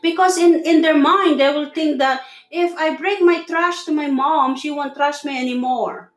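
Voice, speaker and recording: Earnest mother, halting and echoey. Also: sits high. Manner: earnest, halting, restarts, soft tender asides. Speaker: mother sharing parenting views. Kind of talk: casual conversation.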